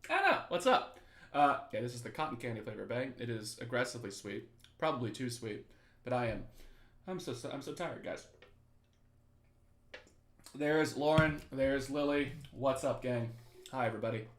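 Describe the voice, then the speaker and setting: A man's voice: mid-range voice, lively intonation, normal speed, pauses often, fairly bright tone, echoey room. A young male teacher casually chatting with students on a review livestream, joking and reading the chat aloud. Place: his apartment.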